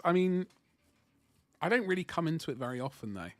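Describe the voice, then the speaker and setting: A man's voice: fairly high pitch, very animated, moderate pace, a bit bright, no echo. Rambling man streaming while painting. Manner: rambling, chatty, self-deprecating, thinking aloud. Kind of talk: casual live-stream chat while painting.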